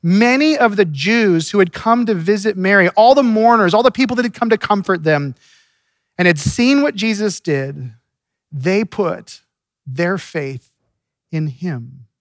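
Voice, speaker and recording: A man's voice: high-pitched, expressive, unhurried, no room sound, clean studio sound. A man preaching a sermon in an earnest, conversational way, often restarting his sentences. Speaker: pastor.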